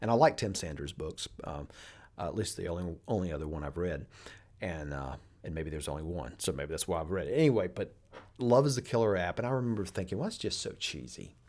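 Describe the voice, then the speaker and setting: A man's voice: sits low, brisk, darkish tone. A middle-aged man hosting a business podcast, talking casually and telling stories with frequent restarts. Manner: conversational, storytelling, frequent restarts. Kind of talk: casual monologue.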